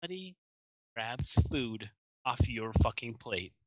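A man's voice: mid-range voice, lively intonation, unhurried, no echo, muffled recording. A laid-back man chatting as a podcast guest, blunt and casually swearing.

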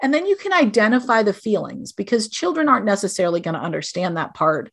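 A middle-aged woman speaks as a guest on a parenting podcast. She explains things in an earnest, direct way, with a voice in the middle of the usual female pitch range. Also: big pitch swings, fast talker, hardly any pauses, a bit bright, slightly rough. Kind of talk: podcast interview advice.

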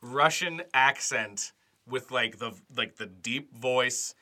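Podcast co-host, man, very bright voice, rambling jokey delivery. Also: mid-range voice, takes it slowly. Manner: rambling, filler-heavy, jokey. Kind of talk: casual chat.

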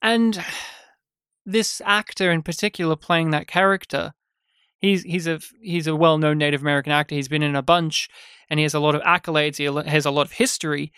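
Smooth-voiced man, animated film chat. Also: fairly high pitch, fairly quick, dry recording, clean studio sound. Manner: animated, sweary, acts out scenes in quoted voices. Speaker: podcast co-host. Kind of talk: casual film review chat.

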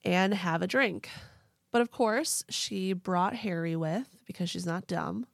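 A woman co-hosting a casual chat, telling a true story in an animated way and swearing now and then. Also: fairly low pitch, measured pace, creaky, no room sound, clean studio sound. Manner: chatty, animated, swears casually, puts on voices for people in the story.

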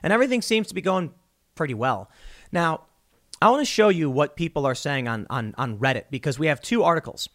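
A man hosting solo political commentary, talking in an animated, self-interrupting way. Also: fairly high pitch, brisk. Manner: animated, self-interrupting, mocking quoted voices.

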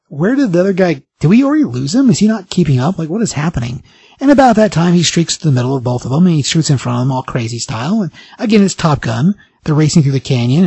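Husky-voiced man animatedly recapping a comic. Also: medium pitch, no room sound. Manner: animated storytelling, briefly acting out quoted lines. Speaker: podcast host. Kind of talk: casual comic book recap.

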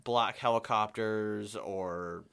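A man, co-hosting a casual podcast, talking fast with casual swearing and reading stories aloud. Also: on the low side, gravelly, fairly bright tone, clean tone. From New England. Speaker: podcast co-host.

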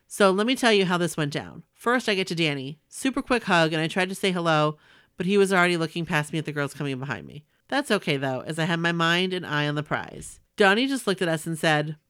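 Woman in her 40s reading her story out, heartfelt, nice smooth voice, super dry sound. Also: fairly low pitch, expressive, brisk, a bit bright, no echo. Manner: earnest, emotional storytelling. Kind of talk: reading a personal letter aloud.

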